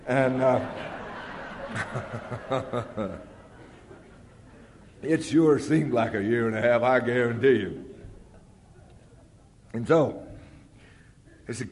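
An older man telling his recovery story with rambling humor, often acting out loud quotes. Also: mid-range voice, takes it slowly, long pauses. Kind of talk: storytelling talk at a recovery meeting. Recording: long hall reverb.

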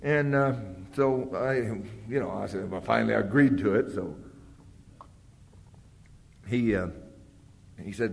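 A man's voice: fairly low pitch, a little slow, vocal fry, long pauses. A man telling his own story in a plain-spoken, folksy way, full of "uh"s and repeated words. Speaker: speaker sharing his recovery story. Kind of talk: personal storytelling to an audience. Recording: long reverb from a big hall.

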